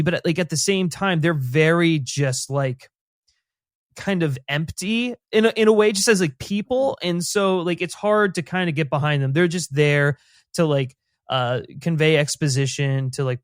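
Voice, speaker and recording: A man's voice: a little high, moderate pace, no room sound, studio quality. A man co-hosting a casual TV recap podcast, rambling and thoughtful, with lots of "like" fillers. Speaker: podcast co-host.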